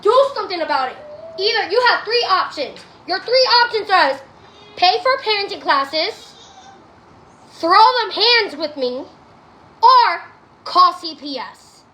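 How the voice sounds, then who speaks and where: A very high-pitched adult woman streams casually on TikTok from home, bluntly and profanely ranting as she responds to viewers. Her delivery is unhurried, with lively intonation and a bright, forceful tone. The rough recording sounds reverberant.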